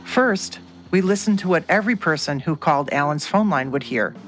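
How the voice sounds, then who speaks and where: A woman's voice: sits low, expressive, fairly quick, faint music behind. A woman narrating a true story in first person, scripted.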